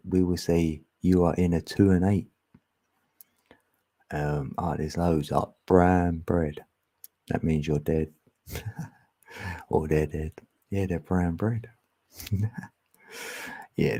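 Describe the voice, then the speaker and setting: A man's voice: deep voice, creaky, warm tone. A man with a Cockney accent from East London, chatting casually on a livestream, reading chat and chuckling. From England. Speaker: livestream host.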